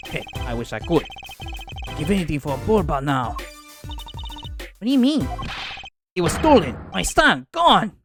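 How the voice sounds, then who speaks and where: A man's voice: on the high side, lively intonation, a little fast, lightly acted. A man voicing a boisterous middle-aged male noodle vendor in a game, with music behind. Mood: distraught. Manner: loud, proud, theatrical.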